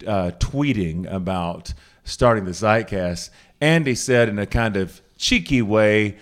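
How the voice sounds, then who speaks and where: A man's voice: lowish voice, lively intonation, a little slow. Rambling man hosting a house show. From Charlotte, North Carolina. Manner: rambling, self-interrupting, jokey. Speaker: podcast host. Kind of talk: casual live talk at a house concert. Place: living room house show with a small audience.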